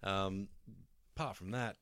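A man's voice: sits low, steady tone, a little slow, fairly bright tone, clear, resonant tone, no echo. An Australian man co-hosting a podcast, chatting casually with dry wisecracks. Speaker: podcast co-host. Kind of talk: casual chat.

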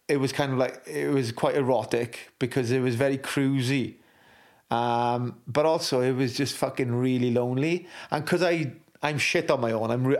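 A man's voice: mid-range voice, darkish tone. A Welsh man in his forties, a former rugby captain, talking candidly in an interview, blunt and full of swearing and restarts. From Wales.

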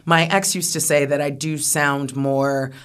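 American woman comic guest, lively chatty delivery, laughs often, restarts mid-thought. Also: sits low, unhurried, clear, resonant tone. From United States. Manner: animated, laughing, trailing restarts. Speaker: comedian guest. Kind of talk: casual interview chat.

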